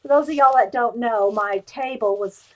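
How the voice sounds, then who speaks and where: At her craft table at home, a woman hosts a casual show-and-tell live stream, rambling and chatting straight to viewers over a webcam and wandering off topic. Her voice is on the high side and her speed is normal.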